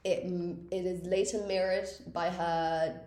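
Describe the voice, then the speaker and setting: A woman's voice: on the low side, flat delivery, measured pace, dark tone, slight background noise. A woman co-hosting a casual history podcast, chatting loosely with many fillers and restarts. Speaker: podcast co-host. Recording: roomy echo.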